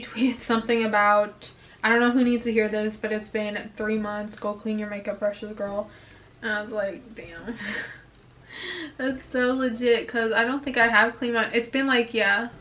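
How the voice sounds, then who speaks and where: A woman's voice: on the high side, a bit bright, slight background noise, poor audio. A young woman filming a casual makeup review at home, chatting and venting her frustration, a bit out of breath. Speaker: beauty vlogger. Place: indoors at home, filming herself.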